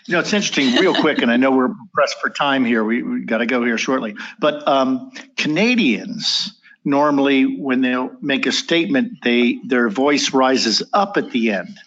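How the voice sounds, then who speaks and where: A man's voice: mid-range voice, moderate pace, a bit bright, muffled recording. An American man hosting a webinar, chatting casually and repeating words while he gathers his thoughts. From United States. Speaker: webinar host.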